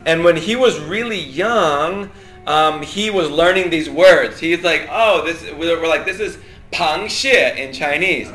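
Man teaching a Bible group, bright voice, echoey hall, faint ambience, lively and joking. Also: on the high side, a little slow. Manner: lively, asks the group questions, jokes and laughs. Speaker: pastor teaching a Bible class.

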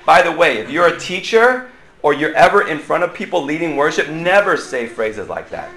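A man's voice: fairly high pitch, very animated, moderate pace, sharp tone, a little hiss or hum. A man, a pastor teaching Sunday school in a playful, joking way, laughing often and sweating from the effort. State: sweating and loud from exertion. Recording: echoey room, faint ambience.

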